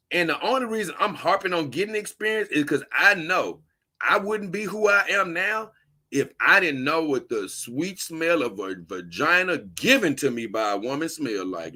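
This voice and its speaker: Blunt, forceful male livestream host. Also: on the high side. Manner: blunt, preachy, slangy advice. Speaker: host reading viewer comments. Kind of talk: casual livestream talk.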